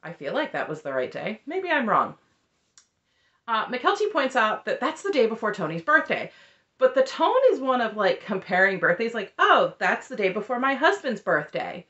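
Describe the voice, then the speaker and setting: A woman's voice: a little high, normal speed, highs cut off. A woman in her thirties chatting casually and wryly as she retells a reality show. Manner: chatty, wry, lively retelling with quoted voices. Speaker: recap host. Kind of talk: casual chat recap.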